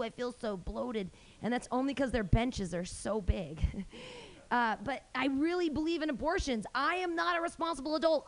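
A woman's voice: high-pitched, fairly bright tone. A young woman hosting a small live comedy show and performing a stand-up set in a brash, rambling, self-mocking way, full of fillers and restarts. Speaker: comedy host and stand-up comic.

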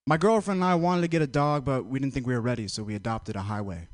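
A man doing stand-up one-liners on a comedy club stage with a dry, deadpan delivery. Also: medium pitch, fast. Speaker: stand-up comic.

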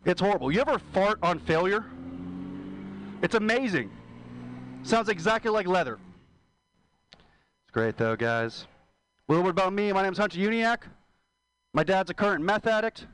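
A man's voice: high-pitched, expressive, normal speed, pauses often, a bit bright, a little hiss or hum, poor audio. A young man doing a profane stand-up set with brash, crude one-liners. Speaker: stand-up comic.

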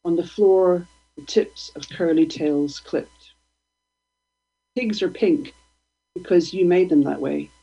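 A woman, a guest poet, reading her poems aloud in a slow, deliberate, provocative way. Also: lowish voice, creaky, warm tone, husky. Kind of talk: poetry reading. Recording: dull lo-fi radio stream.

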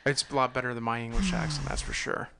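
A laid-back radio host chatting with friends, voice gravelly and bright. The host talks in an easygoing, joking way. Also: medium pitch, fast, a little hiss or hum. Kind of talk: casual chat.

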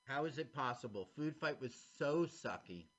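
A man co-hosting a podcast, casually commenting on an animated film as it plays, animated and chatty. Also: medium pitch, normal speed. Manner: animated, talks over the film. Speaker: podcast co-host. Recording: dull lo-fi sound.

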